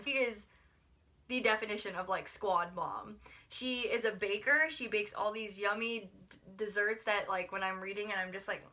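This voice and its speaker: A woman's voice: medium pitch, sharp tone. A young woman from the United States chatting through a book review, gushing and rambling with lots of filler words. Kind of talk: casual book review vlog.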